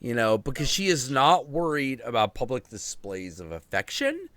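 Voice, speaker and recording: A man in his thirties hosting a casual stream chat, telling stories in an animated, profane way. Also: medium pitch, moderate pace, no echo. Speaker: host.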